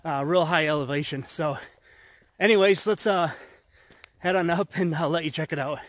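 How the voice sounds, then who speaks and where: A man rambling casually to his viewers while walking outdoors on a high mountain road, a little out of breath. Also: normal speed. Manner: rambling, chatty, loose. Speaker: vlogger.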